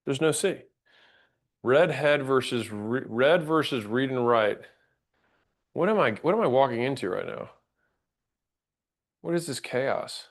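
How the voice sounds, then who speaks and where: A man teaching a workshop on sales call scripts, lively and direct, acting out sample calls and checking in with "right?". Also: medium pitch, a little slow, pauses often. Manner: energetic, acts out sample calls, frequent "right?" check-ins. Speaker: sales trainer.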